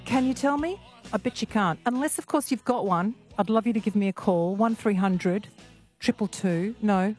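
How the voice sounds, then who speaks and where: A woman's voice: medium pitch, a little mellow. A woman hosting a radio phone-in show, chatting in a playful, teasing way. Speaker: radio talk show host.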